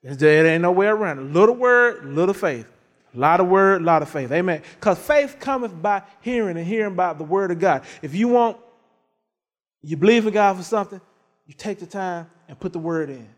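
In a large hall, a middle-aged pastor with a high-pitched voice preaches a sermon at a moderate pace. He tells folksy stories in an animated way, with plenty of laughter.

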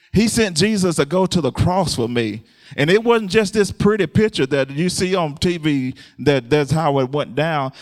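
Man, preacher, sermon, call-and-response, frequent laughter, rising fervor, somewhat high-pitched. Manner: climbs higher and louder as he preaches.

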